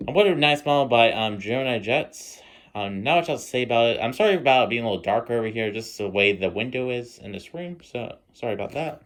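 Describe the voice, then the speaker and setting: A man's voice: mid-range voice, expressive, fast talker, fairly bright tone. Young man chatting through his models. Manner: rambling, many ums and restarts. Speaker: model airport hobbyist host. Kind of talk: casual hobby video narration. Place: dim indoor room at home.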